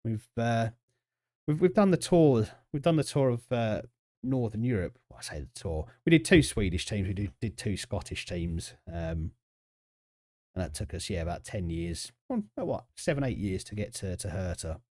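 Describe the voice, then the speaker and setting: A man's voice: on the low side, sing-song, normal speed, mellow, no echo, clean studio sound. A man, chatting casually and joking with viewers while streaming a football management game. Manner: chatty, jokey, reacts to chat and the match. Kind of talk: casual live-stream commentary.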